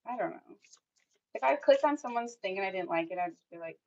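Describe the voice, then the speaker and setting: A woman's voice: medium pitch, animated, a little fast, darkish tone, highs cut off. A young woman doing a tarot reading for her viewers, speaking bluntly and swearing freely with lots of "like" fillers. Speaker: tarot reader.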